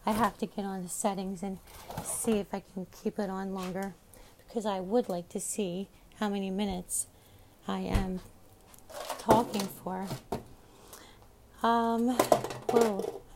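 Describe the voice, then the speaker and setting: A woman's voice: mid-range voice, level tone, a little slow, long pauses, very noisy. A middle-aged woman hosting her own show, chatting in a rambling, affectionate way into a phone. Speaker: podcast host. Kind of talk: casual chat.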